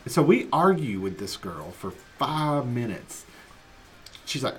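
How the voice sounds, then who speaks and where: A man in his thirties co-hosting a casual radio chat show, telling stories with lively acted-out dialogue. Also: medium pitch, normal speed, slight background noise. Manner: animated storyteller, acts out family dialogue. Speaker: radio co-host.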